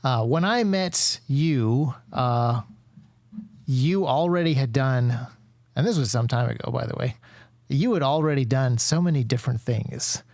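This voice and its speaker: A male podcast host with a gravelly, creaky voice and a mid-range pitch. He rambles loosely, piling up fillers and restarting his sentences. The sound is close and dry, with no room echo. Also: animated, a little slow, darkish tone. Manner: rambling, many fillers and self-corrections. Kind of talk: casual interview chat.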